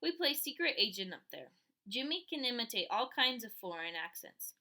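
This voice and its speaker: A woman reads a children's novel aloud in an animated storytelling way. Her voice sits fairly high and bright. She jumps all over her range to bring the tale to life. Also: moderate pace. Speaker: audiobook reader.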